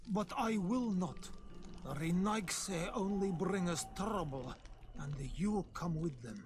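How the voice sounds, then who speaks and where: An actor voicing a wary islander engraver in hiding in a video game, speaking in slow, solemn, formal sentences. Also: male voice, a little high. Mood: resentful. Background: game music.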